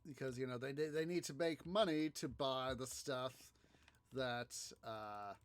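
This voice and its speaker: A man hosting a gaming video, telling a story in a halting, rambling way, full of fillers and restarts as he plays. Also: mid-range voice. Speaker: gaming channel host. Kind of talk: casual gameplay commentary.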